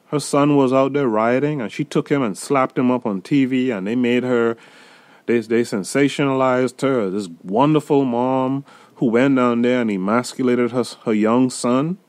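A man hosting a solo podcast, talking through a film in an emphatic, deliberate way and speaking straight to his listeners. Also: medium pitch, a little mellow, dry recording. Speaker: podcast host reviewing a film.

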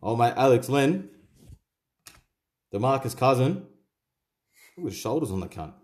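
A man's voice: medium pitch, sing-song, moderate pace, darkish tone. A young Australian man hosting a card-opening video, swearing constantly and rattling off player names in casual commentary. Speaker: card-opening channel host.

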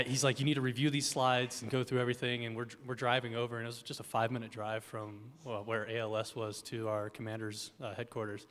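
A man, an airman on an award panel, telling an animated personal story and quoting the people in it. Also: mid-range voice. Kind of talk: personal story told on stage. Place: symposium hall on stage. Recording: reverberant auditorium.

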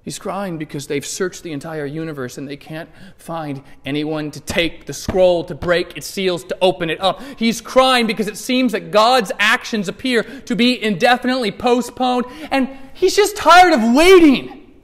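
High-voiced preacher in an echoing hall. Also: male voice, moderate pace, few pauses. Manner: animated, swings from hushed asides to loud emphatic bursts; conversational, playfully acts out scripture scenes. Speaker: pastor. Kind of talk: sermon. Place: church sanctuary.

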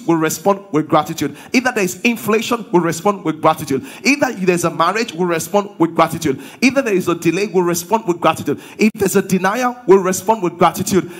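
A man preaching a sermon as pastor. He drives his points home with rhetorical questions and call-and-response. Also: high-pitched.

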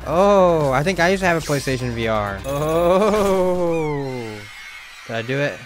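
A young man streaming a video game, reacting with slangy, excitable commentary and sudden loud outbursts. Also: on the high side, a little slow, soft background music. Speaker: gaming streamer. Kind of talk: let's play commentary.

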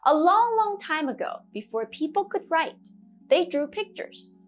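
Slow lively lady teaching kids, playful sing-song voice, soft music under it. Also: very high voice, muffled recording. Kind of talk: children's lesson narration.

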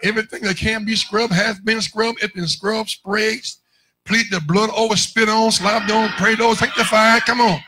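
A male pastor preaching a lively call-and-response sermon in a church, rising into shouts at his peaks. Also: sits high, normal speed, soft background music, low-quality recording. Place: church sanctuary.

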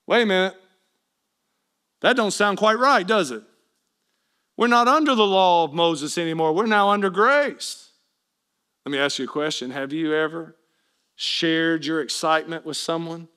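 High, bright-voiced animated preacher man. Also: normal speed. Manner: animated storytelling preacher, acts out quoted voices. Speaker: pastor. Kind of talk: sermon.

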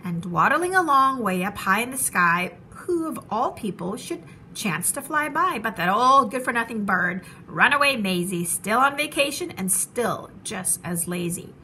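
A woman teacher reading a children's storybook aloud with animated, rhythmic rhyming narration. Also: on the high side, measured pace, few pauses, slight background noise.

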